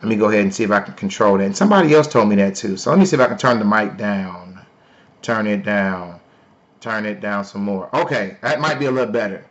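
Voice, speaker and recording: A man hosting a live stream, talking loudly and playfully to his viewers in a casual sales pitch. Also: quick pace, lo-fi sound. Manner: loud, playful, talks to chat. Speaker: livestream host.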